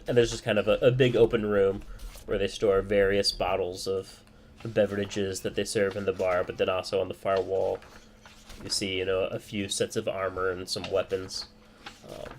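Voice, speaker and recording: A man's voice: low-pitched, a little hiss or hum. A man narrating a tabletop game as game master, loose and hesitant with many fillers.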